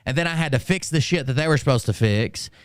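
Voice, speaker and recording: A man casually telling a story on a stream, ranting in a profane and animated way. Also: medium pitch, fast, smooth, no room sound. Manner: profane, animated, full of fillers and restarts.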